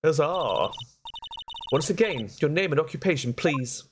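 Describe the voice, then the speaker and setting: A man's voice: on the high side, expressive, a little slow, background noise, voice pushed up. A man voicing a fussy, formal older male judge in a courtroom game. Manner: formal, ceremonious.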